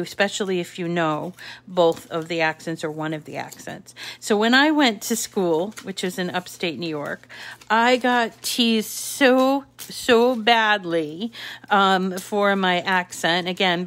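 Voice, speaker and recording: A woman from the Boston area with a Boston accent, chatting casually through a craft demonstration and trailing off into asides as she works. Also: fairly low pitch. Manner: chatty, many fillers and self-corrections while working. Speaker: craft tutorial host.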